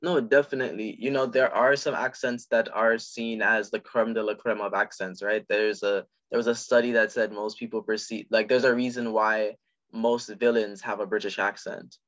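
A man with a Jamaican accent, talking things through in a measured, explanatory way during a casual discussion. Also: lowish voice, steady tone, a bit bright. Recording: dull lo-fi recording.

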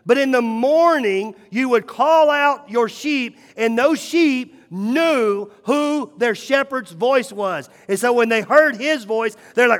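Pastor, male, preaching a sermon; high-pitched voice, long reverb from a church hall, shifts from hushed to emphatic. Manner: swings between hushed, slow moments and rising, emphatic calls.

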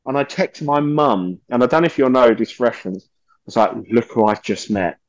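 A man, a podcast guest telling stories in a lively, swearing way and acting out the voices of people he quotes. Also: mid-range voice, normal speed, no room sound. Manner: animated, swears often, acts out quoted voices. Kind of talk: casual storytelling interview.

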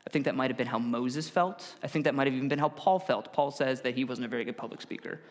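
A man's voice: mid-range voice, fast talker. A man preaching a casual, conversational sermon to a congregation, often correcting himself and acting out what people said. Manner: conversational with self-corrections and acted-out quotes. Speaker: pastor. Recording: long hall reverb.

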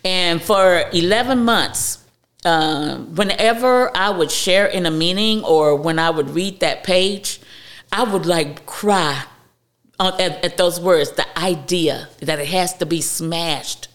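A woman guest speaking candidly about her recovery, halting and heartfelt, with frequent restarts. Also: lowish voice.

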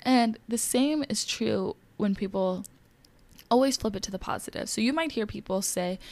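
A young woman talks straight to her listeners in a casual, candid way and leans hard on her main points. Her voice sits at an ordinary pitch, with a gravelly rasp that runs under her words. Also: moderate pace, darkish tone, dry recording. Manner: candid, emphatic and encouraging, addressing listeners directly. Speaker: wellness podcast host. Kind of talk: casual advice talk.

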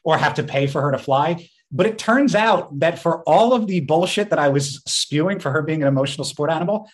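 A man co-hosting a podcast in casual chat, telling stories in an animated way and laughing often. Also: fairly high pitch, a little fast. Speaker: podcast co-host.

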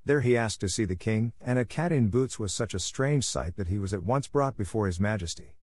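A man narrating a fairy tale in a steady, even storytelling manner, close to the mic. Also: fairly low pitch, a little fast, no echo. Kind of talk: scripted audiobook narration.

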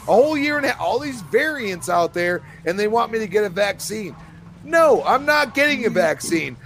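A man co-hosting a casual podcast chat, excitable, swearing freely, with lots of fillers. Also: high-pitched, moderate pace, gravelly. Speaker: podcast co-host.

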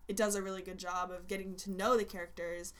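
A woman's voice: mid-range voice, flat delivery, quick pace. A young woman in casual chat, rambling with many fillers and restarts as she shares her opinion of a movie. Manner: rambling, filler-heavy, self-interrupting.

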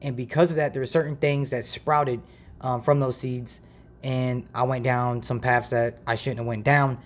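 A man's voice: mid-range voice, normal speed. A man from Ohio hosts a faith podcast from a makeshift home setup. He talks in a loose, rambling way, slips into slang and circles back to his point. He is recorded close on a decent home mic. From Ohio, USA. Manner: rambling, chatty, relaxed slang. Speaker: podcast host. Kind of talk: casual faith podcast monologue.

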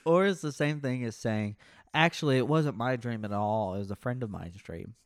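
A man's voice: mid-range voice, normal speed, dry recording. Joking man acting out quotes, dry sound. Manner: jokey, acts out other people's lines in quoted voices. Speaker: podcast co-host. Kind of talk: casual podcast chat.

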